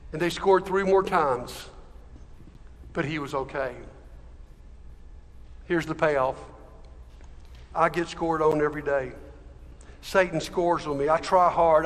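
Pastor guy telling an emotional story, high voice, long echo in a church hall. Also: a bit bright. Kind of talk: sermon storytelling.

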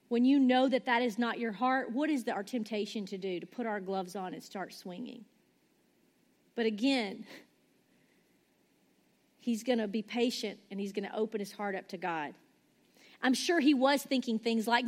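A woman pastor preaching a sermon, animated and acting out the quoted lines. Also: fairly high pitch, brisk.

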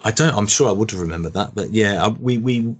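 A man's voice: lowish voice, quick pace, breathy edge. A man, a guest in a casual interview, rambling and chuckling through old memories. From Birmingham, England. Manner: rambling, restarts often, chuckles while telling stories.

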